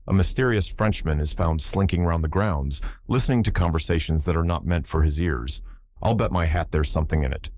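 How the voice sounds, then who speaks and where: A male narrator voicing a wry, easygoing young gentleman with a dry, teasing way of talking. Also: low voice, slight background noise.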